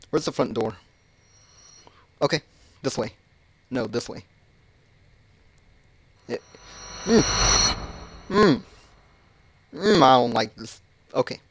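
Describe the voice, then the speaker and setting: A man narrating his own playthrough of a horror game, joking and swearing in a slow, drawn-out way. He jumps into sharp yelps when something startles him. A faint hiss sits under the recording. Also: medium pitch. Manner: casual, joking and cursing, jumpy, bursting into loud yelps. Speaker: gaming channel host. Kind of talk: horror game let's play commentary.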